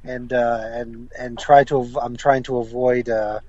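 A man from South Florida calling in to a talk show, telling stories in a halting, rambling way. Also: mid-range voice, level tone, warm tone, no echo. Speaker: caller. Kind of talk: casual chat. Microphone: phone call. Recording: dull, dry phone-in line.

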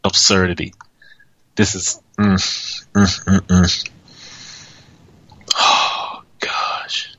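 A man's voice: low-pitched, little pitch movement, extremely slow, pauses often, pushed and bright, slightly rough, rough recording. A man hosting a podcast, ranting in exasperation, swearing and laughing as he waits for his co-host. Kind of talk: profane comedic podcast rant.

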